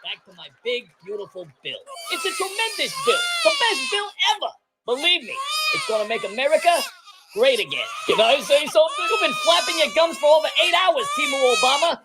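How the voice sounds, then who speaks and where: A performer voicing a brash male president in a parody clip, shouting insults and bragging. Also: high-pitched, very animated, fairly quick, heavy background noise. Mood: blustering. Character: brash blustering male president scolding Congress.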